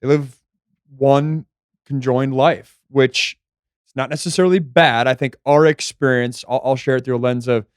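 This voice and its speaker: Young man, podcast guest, easygoing and thoughtful, smooth resonant voice, dry close mic. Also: medium pitch, normal speed, dry recording. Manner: relaxed, reflective, thinks aloud with restarts. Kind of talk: casual chat.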